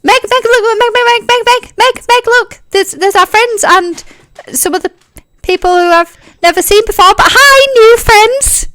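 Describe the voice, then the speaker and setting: A woman voicing an excitable young male bard who gushes and repeats his greetings. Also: very high voice, a little slow, dry recording, pitched above the performer's own voice, exaggerated voice. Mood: overexcited. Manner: squealing, gushing, repeats greetings.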